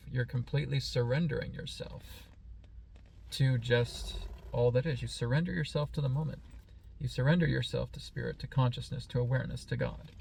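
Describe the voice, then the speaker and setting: A man speaks as a spiritual teacher in a slow, calm, meditative way. His voice is gravelly and keeps an even, level pitch. He talks in a reflective, teaching manner. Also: a little hiss or hum. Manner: playfully mimics excited voices.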